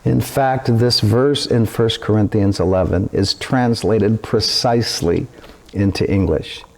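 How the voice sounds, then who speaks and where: A male pastor giving a sermon, speaking deliberately with an animated, teaching inflection. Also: lowish voice, gravelly.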